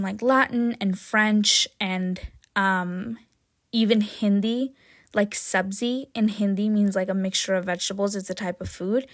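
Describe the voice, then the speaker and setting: A woman hosting her own podcast in a casual, jokey chat, often tagging "right?" and "um", with sudden excited jumps in pitch and loudness. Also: no room sound, studio quality. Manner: chatty and jokey, with frequent "right?" and "um". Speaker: podcast host.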